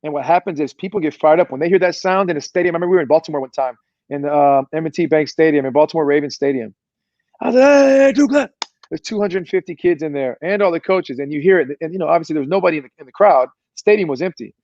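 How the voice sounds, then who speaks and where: Pumped-up coach guy on a video call, kinda high voice, muffled lo-fi audio. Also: racing, a little mellow, no echo. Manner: fired-up, motivational, preachy delivery. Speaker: performance coach, guest. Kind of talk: energetic podcast interview talk.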